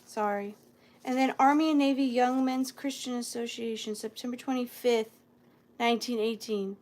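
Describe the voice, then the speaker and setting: A woman's voice: on the high side, steady tone, normal speed, a little mellow. A woman reselling antiques, hosting a live sale and reading old letters aloud, emotional and close to tears, marvelling and apologizing as she goes. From US South. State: near tears.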